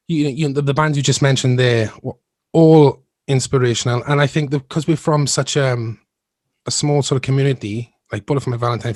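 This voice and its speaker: Here a thirtysomething musician guest tells stories in a loose, rambling way, frequently starting over and laughing mid-story during a relaxed interview. He has a mid-range voice, recorded with no room sound.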